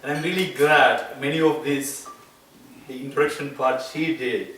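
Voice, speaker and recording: A man's voice: medium pitch, steady tone, a bit bright, a little hiss or hum. Accented man speaking in an echoey home. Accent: non-native English accent. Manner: earnest, self-deprecating, halting with fillers. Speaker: school board candidate. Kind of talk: campaign meet-and-greet speech. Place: living room of a private home. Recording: echoey room, mic from far off.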